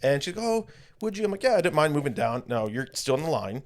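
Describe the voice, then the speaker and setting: Man, podcast co-host, lively storyteller who acts out quotes, casual banter. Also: mid-range voice, fast, slight background noise. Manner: animated storyteller acting out quoted voices. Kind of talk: casual chat.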